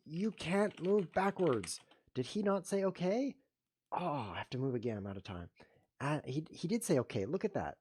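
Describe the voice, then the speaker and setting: A man hosting his own show, commentating his chess games with playful mock-outrage, muttering one moment and loudly protesting the next. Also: medium pitch, very animated, fairly quick, breathy edge. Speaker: host. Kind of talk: live chess game commentary.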